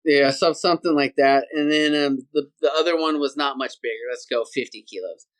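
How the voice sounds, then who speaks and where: A man, a podcast guest telling a hunting story in a lively, casual way and acting out sounds and voices. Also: on the high side, a little fast. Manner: animated, acts out sounds and voices.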